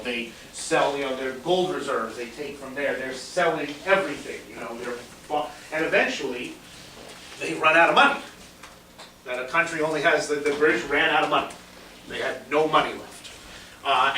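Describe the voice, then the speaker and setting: High-voiced guy giving a history lecture, bright sound, recorded from a ways off in an echoey room. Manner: animated storytelling with fillers, acts out quotes. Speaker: history teacher. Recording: roomy echo, distant mic, faint hiss.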